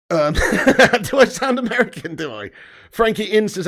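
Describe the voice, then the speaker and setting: A man's voice: fairly high pitch, very animated, normal speed, gravelly, a bit bright. A man hosting a casual live stream, reading out viewer comments and laughing often.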